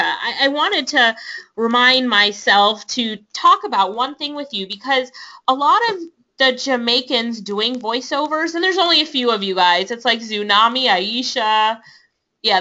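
A woman hosting a live webinar and pitching an online class, upbeat and persuasive, laughing often. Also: bright, forceful tone. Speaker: webinar host and online business instructor. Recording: dull lo-fi webinar audio.

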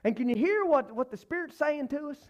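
A man preaching a church sermon, emphatic, repeating phrases and swinging between loud and soft. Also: expressive, fairly quick, muffled recording. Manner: emphatic, repeats phrases, rises and falls in pitch and volume.

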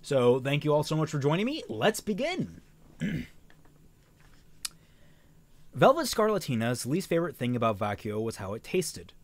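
Man, young adult, live-stream read-aloud, animated pitch, restarts phrases, joking asides. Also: moderate pace, long pauses. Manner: stumbles and rereads phrases, breaks off to comment. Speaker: streamer reading a novel aloud.

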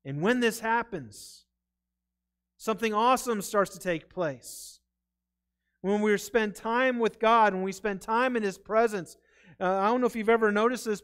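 A man's voice: high-pitched, a bit bright, smooth. A man preaching a sermon in a church, earnest and conversational, stumbling over his words now and then. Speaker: pastor. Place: church sanctuary.

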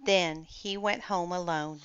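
A woman reads a children's picture book aloud, slowly and deliberately. Her voice is smooth and clear, recorded dry with a slightly muffled tone. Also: fairly low pitch, steady tone, dry recording. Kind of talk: storybook read-aloud.

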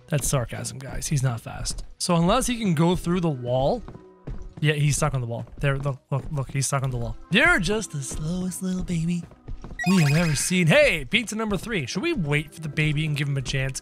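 High, lively excitable gaming man. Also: normal speed, faint music behind. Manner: excitable and jokey, talking to viewers. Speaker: gaming commentator. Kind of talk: let's-play game commentary.

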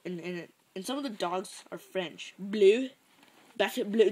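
A woman's voice: medium pitch, a little slow, darkish tone, slightly rough, low-quality recording. A woman chatting casually and goofily, exclaiming a lot and swearing. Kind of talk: casual chat.

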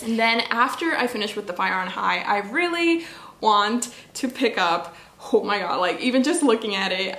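A woman's voice: mid-range voice, fairly bright tone. A young woman chatting casually on her book vlog, bubbly and rambling, full of "like"s. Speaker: book vlogger. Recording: echoey room.

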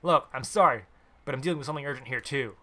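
A blunt, impatient freelance writer, voiced by a man reading a visual novel aloud. The tone is bright and sharp, and he talks in clipped, no-nonsense lines. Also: mid-range voice, very fast, natural voice. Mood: curt. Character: terse hard-nosed male freelance writer.

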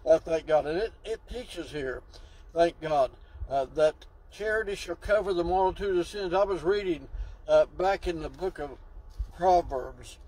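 Fervent higher-voiced male preacher. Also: a little mellow, husky, low-quality recording. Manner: exclamatory, drawn-out emphasis. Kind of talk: sermon.

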